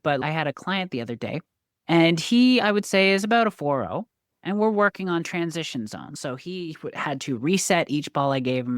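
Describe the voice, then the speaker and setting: Upbeat woman coach with a lively pitch that swings widely, dry close sound, enthusiastic and motivational. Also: dry recording. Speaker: guest, success coach and pickleball coach. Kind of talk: casual interview talk.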